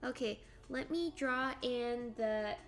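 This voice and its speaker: A woman's voice: fairly high pitch, slow pace, faint music behind. A young woman live-streaming as she draws, chatting casually with viewers, giggling and thinking aloud. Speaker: livestreamer. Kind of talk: casual live-stream chat while drawing.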